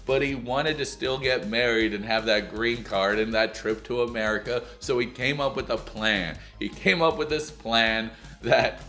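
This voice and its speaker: Man, crude sarcastic tv recap host, bright forceful voice, faint music under. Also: medium pitch, normal speed, few pauses. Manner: sarcastic, crude, mocking, slips into silly voices. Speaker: recap comedian. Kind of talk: comedic TV recap.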